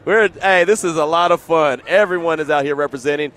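Fast, upbeat sports radio host. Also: male voice, on the high side, a bit bright. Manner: upbeat, fast, lots of hype and repeats. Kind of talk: live sports radio hosting. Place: outdoors at a stadium.

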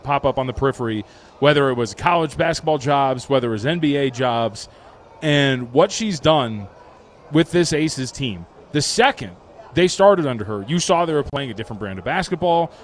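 A man co-hosting a sports radio show, trading dry quips and giving measured basketball analysis. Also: medium pitch. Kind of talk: casual sports radio chat. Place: sportsbook broadcast booth.

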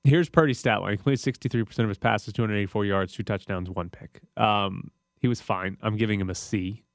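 A man hosting a casual sports talk show, laying out stats in a measured way to back his grades. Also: lowish voice, no echo, studio quality.

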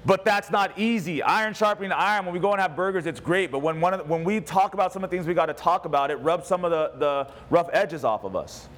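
High-voiced man preaching a sermon. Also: quick pace, hardly any pauses, fairly bright tone. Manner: conversational, emphatic preaching with humor. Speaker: pastor.

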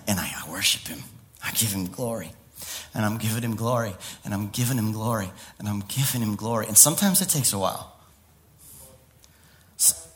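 A man preaching a lively sermon, laughing often, with sudden high exclamations and quiet stretches.

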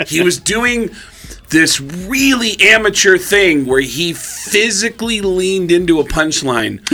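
A man, a comedian guest on a radio show, telling an animated story and acting out the dialogue in a studio. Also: on the high side, a little hiss or hum.

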